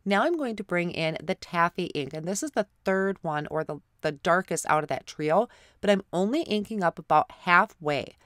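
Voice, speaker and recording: A woman's voice: lowish voice, expressive, normal speed, a bit bright, no room sound, clean studio sound. Stuffed-up woman narrating a craft tutorial. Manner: apologetic, step-by-step explaining. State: stuffy nose from a head cold. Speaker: card-making channel host.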